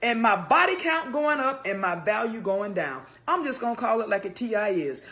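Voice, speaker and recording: A woman's voice: fairly high pitch, very animated, normal speed, hardly any pauses, fairly bright tone. A woman giving an emphatic, repetitive, profane confessional monologue.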